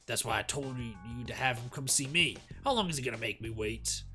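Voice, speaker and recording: A man voicing a gruff, protective middle-aged father who speaks in a firm, flat, threatening way. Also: mid-range voice, a little fast, soft background music. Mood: grumbling.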